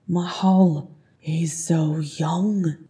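A woman's voice: deep voice, fairly even intonation, unhurried, vocal fry, mellow. A woman voicing a grieving male dwarf thief who speaks in a bitter, choked-up way, for an audiobook. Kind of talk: audiobook character voice.

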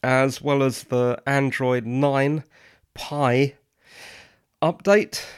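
Slow, wry man hosting a podcast. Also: medium pitch, fairly even intonation, clean tone, no room sound, clean studio sound. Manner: opinionated, wry and dryly sarcastic. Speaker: podcast host. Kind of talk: solo podcast commentary.

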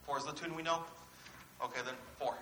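A man's voice: on the high side, fairly even intonation, a little fast, sharp tone. A man preaching a sermon as pastor, earnestly putting questions to his congregation. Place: church. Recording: echoey church room with faint hiss.

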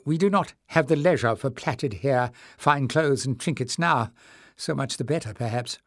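A man's voice: mid-range voice, normal speed, dry recording, clean studio sound, lightly acted. A man voicing a frail, courteous white-haired old man who speaks in a piercing whisper. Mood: gentle.

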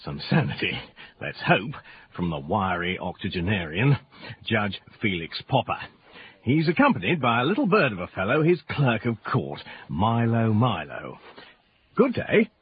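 A hesitant, stammering reporter whose pitch swings very widely. The sound is thin and tinny like a phone line, with a faint hiss. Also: male voice, big pitch swings, moderate pace. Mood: reporting. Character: hesitant, nosy male reporter. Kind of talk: radio drama acting.

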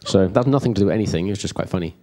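A man's voice: deep voice, rapid-fire, warm tone. Chatty man teaching a church group. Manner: chatty, rambling, checks in with the room. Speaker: preacher.

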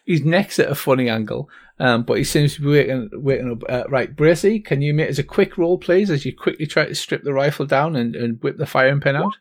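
A man narrating as game master of a tabletop game, halting and full of ums and little laughs. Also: medium pitch.

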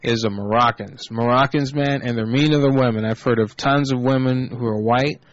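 A man's voice: mid-range voice, steady tone, normal speed, no room sound, dull audio. A man hosting a prank call internet radio show, talking in a crude, rambling, mocking way.

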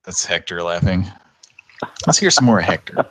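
A man's voice: sits low, sing-song, normal speed, a bit bright, dry recording. A man hosting a radio show, chatting casually, laughing and swearing as he rambles. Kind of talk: casual chat.

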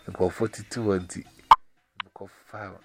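On a loud, noisy call recording, a man chats casually as a caller, rambling in broken pidgin English and laughing often. His voice sits low, with a flat delivery at normal speed.

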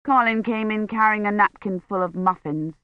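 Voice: mid-range voice, moderate pace, no room sound. Dry, dull-sounding audiobook narrator.

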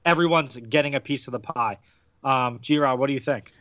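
A man's voice: mid-range voice, normal speed, a bit bright, dry recording, muffled recording. A man hosting a casual wrestling podcast, opinionated and rambling, with casual swearing. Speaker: podcast host.

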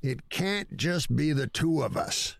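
A man putting on a loud, blunt old film star. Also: fairly high pitch, very animated, slow, gravelly, dry recording, studio quality, pitched above the performer's own voice, exaggerated voice. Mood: eager.

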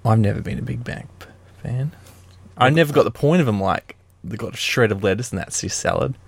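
Male co-host, eager rambling chatter, lively pitch, dry close mic. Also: fairly quick, vocal fry, slightly rough, no echo. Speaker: podcast co-host. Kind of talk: casual podcast chat.

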